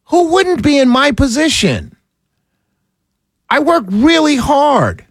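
Male talk radio host, high voice, dry close mic, fired-up rhetorical monologue. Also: slow pace, dry recording. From New York City. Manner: animated, exasperated, rhetorical.

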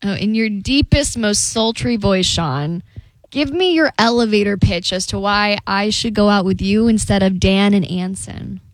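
A woman's voice: mid-range voice, moderate pace, no room sound, poor audio. A woman co-hosting a radio show, teasing and dry in casual banter. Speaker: radio co-host. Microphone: studio microphone.

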